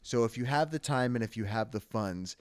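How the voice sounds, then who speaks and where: A man co-hosting a casual podcast, joking and offhand, pausing on fillers. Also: mid-range voice, animated, smooth. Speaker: podcast co-host.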